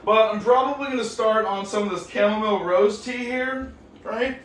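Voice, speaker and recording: A man's voice: sits high, normal speed, a bit bright. A man livestreaming a casual, profane rant, agitated and talking straight to his chat. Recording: echoey room with faint noise.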